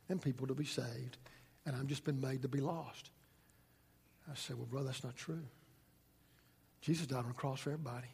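A man's voice: medium pitch, darkish tone, husky. A middle-aged man, a pastor, telling a story in a casual, folksy sermon. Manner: folksy, conversational preaching with southern-style grammar. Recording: long reverb in a large room.

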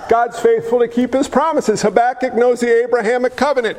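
Energetic male pastor, high voice, playful and questioning, reverberant church hall. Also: fairly quick, hardly any pauses. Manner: energetic, joking, asks the congregation questions. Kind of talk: sermon. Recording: echoey hall with faint noise.

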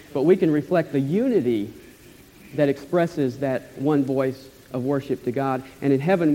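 A man preaching an expository sermon as pastor, emphatic and enthusiastic, repeating key phrases and letting phrase ends trail off softly. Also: a little high. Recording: long hall reverb, dull lo-fi sound.

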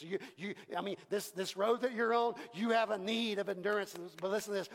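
A man preaching a sermon as pastor, impassioned, swinging from hushed passages to shouted ones. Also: high-pitched, fairly even intonation, fast, creaky, hardly any pauses. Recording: long reverb from a large hall.

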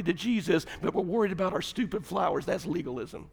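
A pastor preaching in a church sanctuary, his fairly high voice trailing into a long reverb. He talks in a folksy, animated way and breaks off for asides to the people in front of him. A man's sermon with a storyteller's ease. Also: fairly quick, creaky, few pauses, slightly rough.

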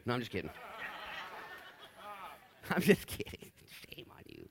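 A man preaching a casual, jokey sermon in a church. He swings from loud, excited bursts to hushed whispers. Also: mid-range voice, brisk, long pauses, slightly rough. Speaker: pastor. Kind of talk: expository sermon. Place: church sanctuary.

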